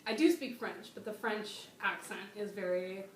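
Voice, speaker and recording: A woman hosting a casual chat with a guest, slangy and excitable, often trailing off and restarting. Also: mid-range voice, normal speed, recorded from a distance. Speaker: channel host. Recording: echoey room, off-mic, faint noise.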